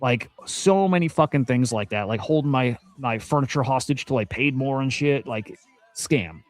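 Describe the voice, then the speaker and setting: A man's voice: mid-range voice, animated, normal speed, faint music behind. A man streaming crypto news commentary. He rants bluntly and swears often, repeats himself, and sounds exasperated. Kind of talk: casual ranting commentary.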